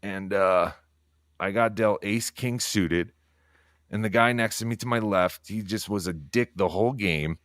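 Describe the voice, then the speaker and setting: Brief: low-pitched male streamer, profane and rambling, talking quietly at home at night, dry room. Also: measured pace, no room sound. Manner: talking quietly so as not to wake others. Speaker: livestreamer. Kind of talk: casual livestream monologue.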